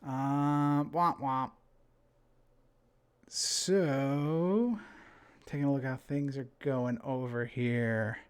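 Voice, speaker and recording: A man's voice: medium pitch, drawn-out words, a little mellow, clear, resonant tone. A young man with a New Jersey accent giving chatty, casual live-stream commentary on a card game. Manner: casual, chatty, with frequent fillers and restarts.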